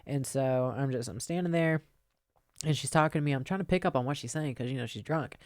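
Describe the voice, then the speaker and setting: Speaking fast in a bass voice, this pro wrestler and podcast co-host spins animated stories during a relaxed studio conversation, laughing frequently. No room sound is audible.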